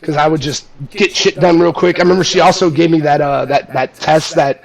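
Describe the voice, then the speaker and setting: A man's voice: fairly high pitch, fairly even intonation, brisk, creaky, crowd noise, rough recording. A man hosting a casual livestream chat, telling rambling stories full of fillers. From Houston area. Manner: rambling storyteller, lots of fillers. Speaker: host.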